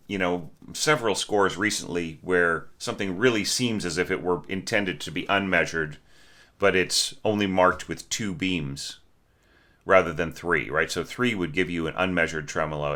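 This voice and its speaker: A man with a very low voice talks through a student's orchestration as a teacher. His tone is bright and forceful, and he keeps the critique conversational, checking in with "right?" and singing short notes to show what he means. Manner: conversational, asks questions, sings short notes. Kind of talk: spoken score critique.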